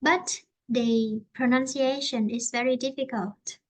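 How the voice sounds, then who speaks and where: High-voiced woman teaching English. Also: fairly even intonation. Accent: Vietnamese. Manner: explains slowly in simple English, repeats herself. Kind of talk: online English lesson.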